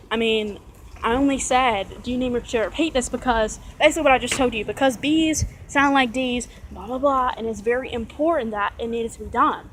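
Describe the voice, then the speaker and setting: A woman's voice: a little high, moderate pace, a little hiss or hum, low-quality recording. A woman venting in a casual video monologue. She rambles, repeats and corrects herself, and sighs in exasperation. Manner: exasperated, sighing. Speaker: vlogger.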